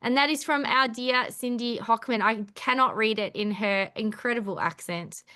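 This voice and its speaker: A woman's voice: fairly high pitch, normal speed, sharp tone. An Australian woman hosting a livestream poetry reading series, speaking effusively and reading poems aloud over a video call. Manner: effusive, affectionate. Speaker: host.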